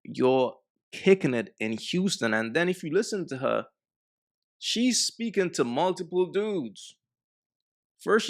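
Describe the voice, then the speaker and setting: Host for a reaction clip: a man with a gravelly, unhurried voice and lively pitch swings, mocking and blunt. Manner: blunt, mocking, talks to the fellas. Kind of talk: commentary on a clip.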